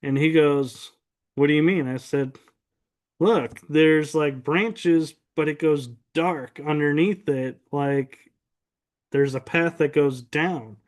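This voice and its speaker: A man's voice: fairly high pitch, slow. A man earnestly recounting a strange night walk in a forest, acting out what he and his friend said to each other. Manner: earnest, animated retelling with quoted dialogue. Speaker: guest recounting a paranormal experience. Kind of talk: casual storytelling.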